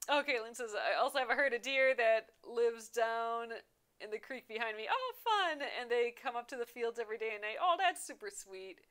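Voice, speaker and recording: A woman's voice: a little high, fairly quick, fairly bright tone, clear, resonant tone. A young adult woman hosting a casual craft livestream, chatting and reading viewer comments aloud with frequent laughs. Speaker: embroidery livestream host.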